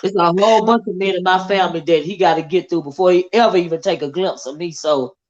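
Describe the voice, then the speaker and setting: A woman in a casual panel chat, reacting quickly and laughing along. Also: fairly low pitch, a little mellow, dull audio.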